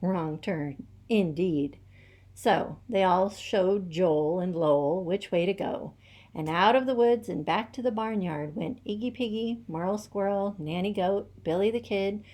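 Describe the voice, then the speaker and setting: A woman teacher reading a children's picture book aloud with lively, rhythmic storytelling. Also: medium pitch, a little slow.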